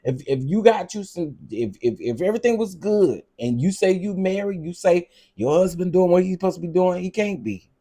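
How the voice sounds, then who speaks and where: A man hosting a casual vlog, ranting in an animated, repetitive, exasperated way. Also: high voice, a little fast, few pauses. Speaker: vlog host.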